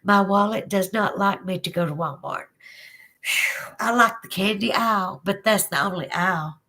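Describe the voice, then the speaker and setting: A woman's voice: mid-range voice, moderate pace, sharp tone. A Southern woman chatting her way through a livestream. She drawls, giggles often, and answers her viewers one by one in an easy, friendly way. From Southern United States. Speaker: livestream host. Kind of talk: casual livestream chat reading comments.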